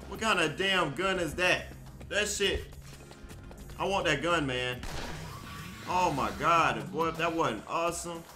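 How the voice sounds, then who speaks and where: A man giving casual gameplay commentary, loud, profane and excitable, joking with his viewers. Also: medium pitch. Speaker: gaming streamer. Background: game music.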